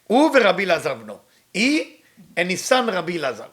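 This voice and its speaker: Man, high voice, quick, reads then explains in English. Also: huge pitch swings, fairly bright tone. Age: middle-aged. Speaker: Kabbalah teacher. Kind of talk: storytelling lesson with translation.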